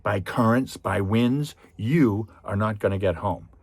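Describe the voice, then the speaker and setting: A man's voice: fairly low pitch, measured pace, no room sound. A man paraphrasing a furious, vengeful male sea god in a casual, sarcastic way.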